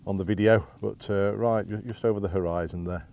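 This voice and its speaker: A man with a low, mellow voice talks to the camera as he walks a windy hillside path. His chat is loose and rambling, full of "uh" fillers and dry self-deprecating asides. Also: steady tone, brisk, gravelly. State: out of breath after climbing. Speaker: vlogger. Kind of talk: casual walking vlog narration.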